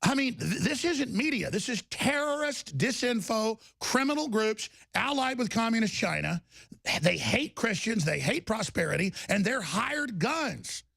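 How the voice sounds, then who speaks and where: Gravelly high-voiced man ranting. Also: very animated, unhurried, bright, forceful tone, no room sound. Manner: heated, emphatic, repeats words when riled. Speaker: talk show host. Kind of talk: political commentary rant.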